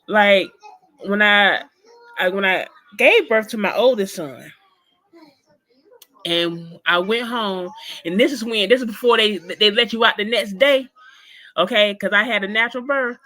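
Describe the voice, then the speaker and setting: A woman guest in an interview, telling a personal story in an animated, emphatic way and speaking straight to her listeners. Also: medium pitch, unhurried, pauses often.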